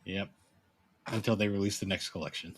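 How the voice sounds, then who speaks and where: A man co-hosting a podcast in casual chat, laid-back with dry, deadpan teasing. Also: low-pitched, a little fast, breathy edge, no room sound. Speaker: podcast co-host. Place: podcast studio.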